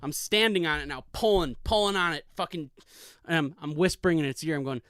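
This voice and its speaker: A man's voice: fairly high pitch, fairly quick, a bit bright, no echo. A man hosting a solo comedy podcast, telling a rambling, profane, hyped-up story into a studio mic. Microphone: studio mic with pop filter.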